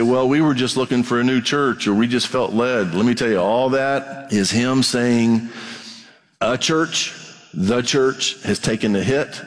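A man, a pastor, preaching a sermon in a casual, conversational way, quoting imagined objections from his listeners. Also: medium pitch. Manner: conversational preaching, quotes hecklers in asides. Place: church sanctuary. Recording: long reverb of a large hall.

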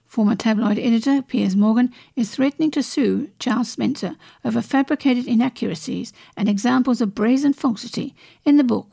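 A woman reading celebrity and royal stories from magazines aloud, in a steady read-aloud manner with brief restarts. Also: fairly high pitch, gravelly, slightly rough. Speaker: news reader.

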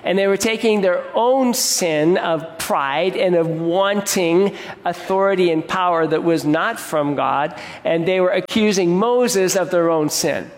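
Male pastor, slightly high voice, earnest sermon delivery with restarts, long hall reverb. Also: unhurried. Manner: earnest, repeats and restarts words, asks the congregation questions.

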